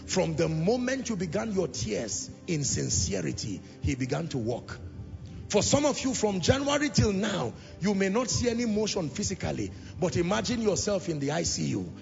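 A male preacher delivering an impassioned sermon, repeating lines and swelling into shouts and half-sung phrases. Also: high voice, sing-song, normal speed, vocal fry. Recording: reverberant hall, dull lo-fi sound, music behind.

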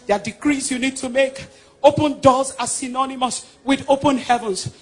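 A man from Nigeria with a Nigerian accent preaching a sermon, emphatic and swinging between loud declarations and hushed passages. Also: very high voice, fairly even intonation, normal speed, breathy edge, faint music behind.

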